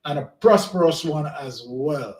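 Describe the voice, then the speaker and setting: A man's voice: fairly high pitch, unhurried. Easygoing man in an echoey room. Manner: loose, easygoing delivery with warm greetings. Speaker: co-host and scorekeeper of an online trivia stream. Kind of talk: casual live-stream chat, announcing scores. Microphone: home desk mic. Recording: roomy echo.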